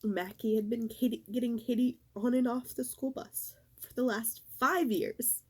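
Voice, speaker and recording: A middle-aged woman in a casual vlog, talking in a halting, emotional way and fighting back tears. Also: fairly high pitch, steady tone, a little mellow, slightly rough. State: tearful. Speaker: vlogger.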